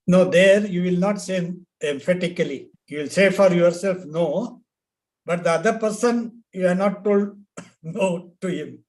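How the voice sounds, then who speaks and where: A man's voice: high-pitched, unhurried, darkish tone. A man in a study group discussion, insistent and repetitive, often laughing. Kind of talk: casual discussion.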